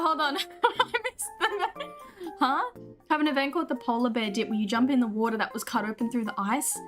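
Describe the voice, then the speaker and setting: A woman's voice: on the high side, fairly bright tone. A young Australian woman streaming a game, chatting casually with her viewers, giggling often and restarting her sentences. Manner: chatty, giggly, with frequent restarts; says she talks fast on stream. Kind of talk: casual chat with stream viewers during gameplay.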